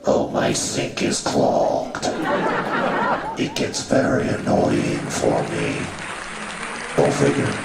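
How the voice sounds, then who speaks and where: A man's voice: extremely low pitch, gravelly, heavily acted. A man doing stand-up as a crude, callous male god who mocks his worshippers. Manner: crude, mocking and swaggering. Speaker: stand-up comedian. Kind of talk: stand-up comedy in character. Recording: roomy live venue from far off, audience noise.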